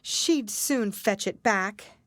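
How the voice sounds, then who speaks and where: A woman's voice: medium pitch, slow pace, no room sound, voice pushed up, close to an everyday voice. A woman voicing an earnest, polite young girl who talks eagerly and humbly in a storybook reading. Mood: wistful.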